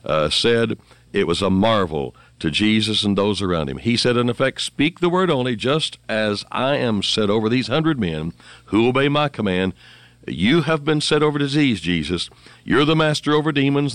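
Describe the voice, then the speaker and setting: A man preaching a radio sermon, emphatic and fervent, with halting restarts and quoted scripture. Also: lowish voice, dry recording.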